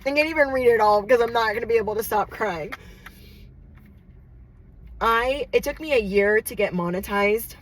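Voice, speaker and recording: A woman's voice: mid-range voice, slight background noise, rough recording. A woman vlogging to camera from a car, gushing and emotional as she thanks her viewers over and over. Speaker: spiritual vlogger. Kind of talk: casual vlog talk to camera.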